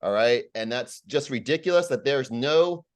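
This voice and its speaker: A man's voice: mid-range voice, animated, normal speed. A man giving a rambling, aggrieved public comment at a community meeting, full of fillers and repeated words.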